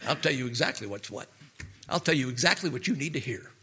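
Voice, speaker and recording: A man's voice: medium pitch, lively intonation, fast, pushed and bright, slightly rough. A middle-aged man preaching a conversational sermon as a pastor and marriage counselor, folksy and full of rhetorical questions to his listeners.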